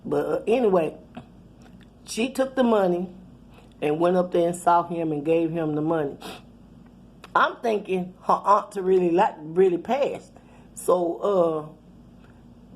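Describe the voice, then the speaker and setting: A woman's voice: on the low side, a little mellow. A middle-aged woman telling a rambling, profane, laughing story in casual chat. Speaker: channel host.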